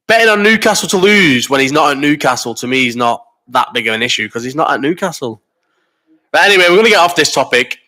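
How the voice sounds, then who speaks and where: Guy in his 30s, bright sharp voice, rambling and swearing, bit ill with a cough. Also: medium pitch. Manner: rambling and sweary, quick banter. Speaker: host of a live chat stream. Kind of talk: casual chat reading viewer comments.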